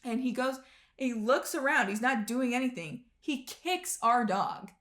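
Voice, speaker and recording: A woman's voice: on the high side, a little slow. Chatty young woman telling stories. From American Midwest. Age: 20s. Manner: animated storyteller, acts out quotes, many "like"s. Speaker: podcast co-host. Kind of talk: casual storytelling chat.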